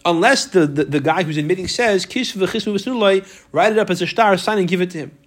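A man's voice: high-pitched, fairly quick. Man teaching a Talmud class. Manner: explains step by step, repeats words, restarts often. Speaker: Torah teacher.

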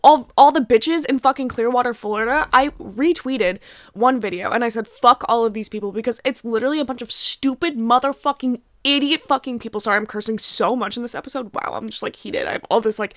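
Young female podcast host, higher voice, dry sound, profane and heated, filler-heavy. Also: brisk, dry recording. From United States. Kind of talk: casual solo podcast rant. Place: home.

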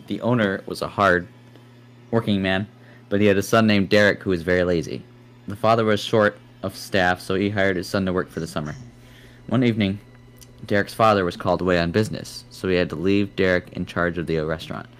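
A man's voice: low voice, fairly even intonation, brisk, slight background noise. A man co-hosting a comedy podcast, reading a silly horror story aloud in a jokey way, adding swear words and laughing at his own lines. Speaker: podcast co-host. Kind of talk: reading a scary story aloud, casual chat.

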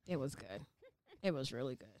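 A woman's voice: extremely low pitch, expressive, fairly quick, darkish tone. A woman from Savannah, Georgia, chatting casually and teasingly, with many fillers. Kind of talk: casual chat.

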